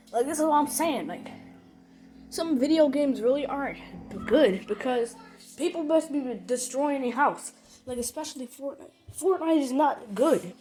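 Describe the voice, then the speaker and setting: A high-pitched woman rants at home to her viewers, circling back and repeating herself with plenty of emphasis. Faint music plays softly behind her. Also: poor audio. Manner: rambling, repetitive, emphatic. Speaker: channel host. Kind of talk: casual rant to viewers.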